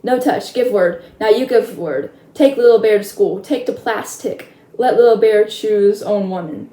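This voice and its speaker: A woman's voice: mid-range voice, a little slow, warm tone, natural voice. A woman voicing a proud, sly tiny warrior chief who talks in clipped broken phrases, in a roomy space. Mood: bargaining. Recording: roomy echo.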